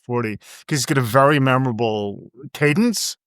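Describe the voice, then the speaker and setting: A man's voice: mid-range voice, normal speed, fairly bright tone, no room sound, studio quality. A man, an author guest on a podcast, chatting in a rambling, playful way with many restarts. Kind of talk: casual interview chat.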